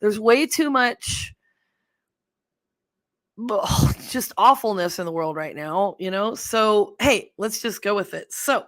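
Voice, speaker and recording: A middle-aged woman chats casually on a livestream, rambling and laughing as she goes. Her voice sits at an ordinary pitch and sounds close and dry, with no room around it. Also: expressive, takes it slowly, a bit bright, no room sound. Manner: chatty and rambling, laughs often, fumbles with settings. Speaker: livestream host.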